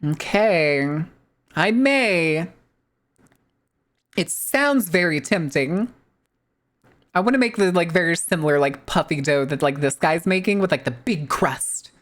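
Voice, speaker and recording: A woman streaming as a VTuber, talking in a loose, rambling way and cursing casually. Her voice sits fairly low, but her pitch swings widely as she reacts. She keeps the chat going with lots of "like"s. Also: unhurried, long pauses. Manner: rambling, animated, swears freely, many "like" fillers.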